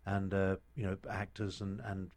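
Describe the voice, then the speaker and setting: A man's voice: low voice, completely flat delivery, moderate pace, a little mellow. A middle-aged British man, an actor guest, telling stories in casual chat with many restarts and fillers. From Britain.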